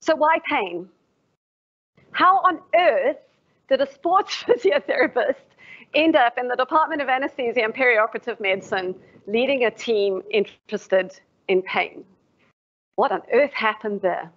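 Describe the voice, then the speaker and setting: Woman lecturer, reflective, poses questions to the room; slightly high voice, muffled livestream sound. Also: expressive, unhurried. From South Africa. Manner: reflective, asks the audience questions. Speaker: professor giving a lecture. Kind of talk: formal public lecture. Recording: dull lo-fi livestream audio.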